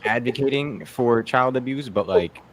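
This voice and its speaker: A man's voice: mid-range voice, moderate pace. A young man doing a rambling, profane stand-up set on a video call, slipping into voices for the people in his stories. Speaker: stand-up comedian.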